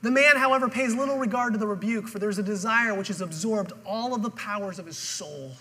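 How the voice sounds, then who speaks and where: High, bright-voiced man preaching. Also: fairly quick. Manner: dramatic storytelling, acting out the people in the story. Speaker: pastor. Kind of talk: sermon. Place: church auditorium. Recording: long hall reverb.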